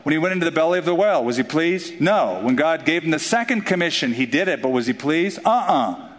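A man preaching a sermon in an animated, joking way, acting out the voices of the people in his stories. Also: a little high, fast talker. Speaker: pastor. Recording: long hall reverb.

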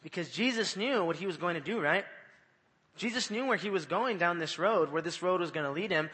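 A man gives an evening sermon in a casual, conversational way, often repeating himself and asking the listeners questions. His voice is bright and slightly high. It carries the long reverb of a large hall. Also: expressive, fairly quick. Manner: conversational, repeats phrases, asks the audience questions. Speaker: preacher. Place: church.

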